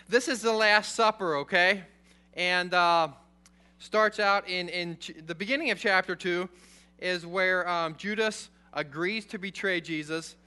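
A man giving an informal Bible lesson, reading a passage and explaining it in a conversational, animated way, often checking in with the listeners. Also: sits high, smooth. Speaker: preacher.

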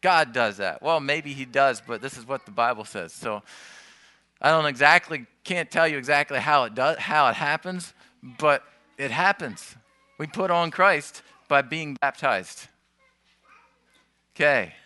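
A man preaching in a very bright, crisp voice, talking through his points in a loose, conversational way and often restarting his sentences. The sound is dry and close to the mic, with the room adding almost nothing. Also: fairly high pitch, unhurried, no room sound. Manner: conversational teaching with restarts and asides. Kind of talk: sermon.

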